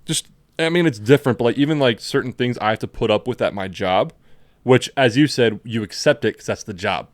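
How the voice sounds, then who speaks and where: A man co-hosting a casual podcast, retelling scenes with animated acted-out quotes. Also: mid-range voice, a little fast, no echo, studio quality. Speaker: podcast co-host.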